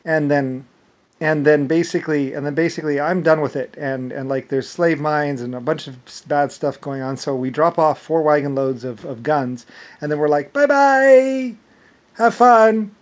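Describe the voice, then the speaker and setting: A man telling a long, rambling story in a casual monologue, who keeps restarting with "anyway" and swings between loud animated bursts and low mumbled asides. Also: normal speed. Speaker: storyteller recounting an imagined past life.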